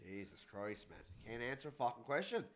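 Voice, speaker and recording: A man's voice: medium pitch, sing-song, brisk, a bit bright. A man hosting a podcast, chatting casually and bluntly, swearing and mimicking officials. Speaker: podcast host. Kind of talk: casual chat.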